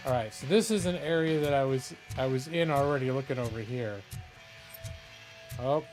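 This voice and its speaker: A man's voice: medium pitch, normal speed, music in the background. A man chatting casually while playing a game live, rambling and breaking off mid-thought. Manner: chatty, rambling, self-interrupting. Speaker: gaming streamer and lawyer. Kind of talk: live let's-play commentary.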